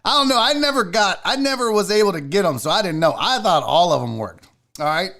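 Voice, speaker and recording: Animated high-voiced man telling a story. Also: brisk. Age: 40s. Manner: animated, profane, swings between loud bursts and low asides. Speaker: podcast host. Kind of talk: comedic storytelling. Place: seated in a chair.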